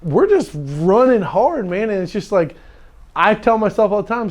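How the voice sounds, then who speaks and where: A man's voice: high voice, sing-song, unhurried. A man casually telling a story, laughing often and repeating words as he goes. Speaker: storyteller guest.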